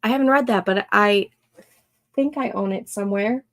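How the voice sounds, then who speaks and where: A young woman hosting a casual co-working livestream, thinking aloud and reading chat comments in a soft, soothing voice. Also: medium pitch, normal speed, no echo. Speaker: livestream host.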